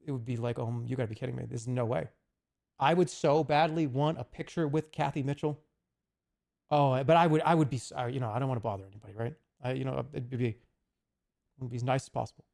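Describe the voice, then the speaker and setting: Rambling gravelly-voiced man streamer. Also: medium pitch, darkish tone. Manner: rambling, profane, slips into goofy put-on voices. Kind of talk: casual stream chat.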